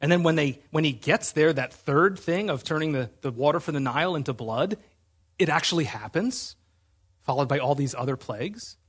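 Pastor, male, fairly high husky voice, earnest emphatic sermon delivery. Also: animated, normal speed. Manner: earnest, emphatic preaching with rhetorical questions.

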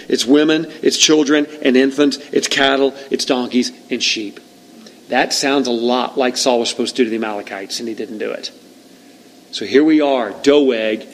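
A man preaching a sermon, reading scripture and retelling it with lively, acted-out lines. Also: medium pitch, rough recording. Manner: animated storytelling, reads scripture aloud, acts out shouts. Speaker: pastor.

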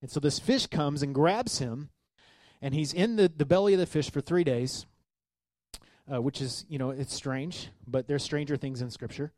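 A man preaching a sermon as pastor, reading scripture and commenting with animated asides. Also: on the high side, moderate pace, no room sound. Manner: animated, acts out the sailors' voices.

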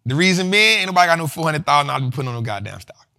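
Animated, bright-voiced slangy man. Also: on the high side, racing, vocal fry. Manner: slangy, animated, repeats himself. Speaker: host. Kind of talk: livestream finance talk.

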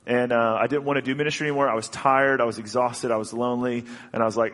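A man delivers a heartfelt sermon in a church hall, earnest and halting, stumbling over restarts as he speaks. His voice sits in a middle register and rings with a long reverb that fills the hall. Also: medium pitch, little pitch movement, fairly bright tone. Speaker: pastor.

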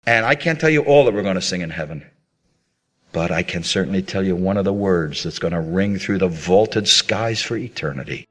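Earnest male preacher, sweeping pitch. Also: expressive, a little fast. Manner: earnest, appealing, with dramatic rises and drops. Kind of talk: sermon.

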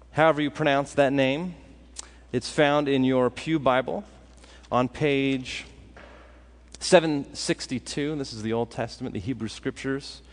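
A man preaching a sermon as pastor, animated and acting out what his listeners think. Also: on the high side. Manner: animated, acts out listeners' thoughts. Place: church sanctuary. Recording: long hall reverb.

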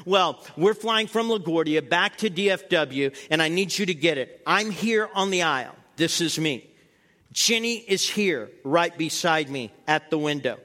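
A man in his sixties, a guest pastor, preaching a sermon with animated storytelling and acting out scenes. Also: fairly high pitch, measured pace, big-room sound.

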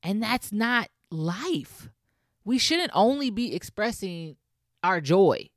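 A woman's voice: mid-range voice, sing-song, slow, no room sound, clean studio sound. A young woman hosting a solo podcast, talking casually and emphatically as she encourages her listeners. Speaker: podcast host.

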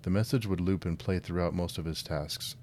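A man with a low voice reads a short story aloud on his book channel after a relaxed, friendly introduction. He speaks plainly, with a few fillers and restarts in his own chat. A faint low rumble sits behind him. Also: brisk. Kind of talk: casual intro then story narration.

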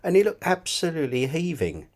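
A man's voice: fairly high pitch, sing-song, brisk, darkish tone. A man chatting enthusiastically on a podcast, often repeating words as he talks. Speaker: club cricket scorer and podcast guest. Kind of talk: casual podcast chat.

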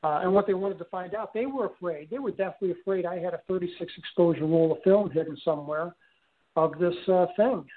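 An older man telling a personal story in an interview, speaking haltingly with frequent restarts and fillers. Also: high voice. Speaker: guest recounting an experience. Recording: tinny phone-line audio.

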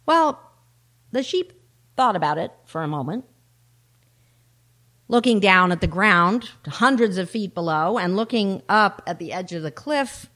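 A middle-aged woman minister preaching a sermon, slow and unhurried. She tells a story with a wry, earnest manner and an even, middle pitch. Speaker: minister and law enforcement chaplain.

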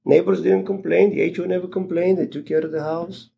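A middle-aged man, a guest landlord, telling a story in casual, rambling talk full of fillers and restarts, jumping higher in pitch when he quotes others. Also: brisk, gravelly. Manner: animated, jumps higher when quoting others.

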